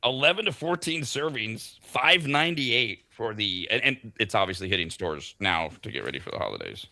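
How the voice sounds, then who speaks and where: A man's voice: fairly low pitch, big pitch swings, normal speed, vocal fry, sharp tone, no room sound. A man hosting a morning talk show, chatting and joking while reading out food news. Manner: chatty, jokey, reads product news aloud. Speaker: parent. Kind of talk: casual morning radio banter.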